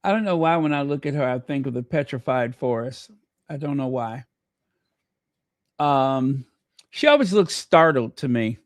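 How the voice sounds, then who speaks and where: A man's voice: mid-range voice, animated, moderate pace, long pauses, no echo. A man hosting a casual livestream, trading snarky gossip, thanking viewers and breaking into bits of song. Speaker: livestream host.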